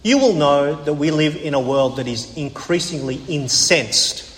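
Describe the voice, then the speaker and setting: A man's voice: fairly high pitch, a little slow, a bit bright, slight background noise. A man preaching a sermon, earnest and emphatic, repeating his key phrases. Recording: echoey hall with long reverb.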